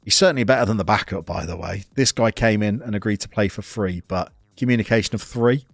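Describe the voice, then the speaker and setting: A man's voice: on the low side, fast, gravelly, no echo, studio quality. A man streaming a football management game, chatting casually and reading out chat messages as he goes. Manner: chatty, reads chat aloud, self-interrupting.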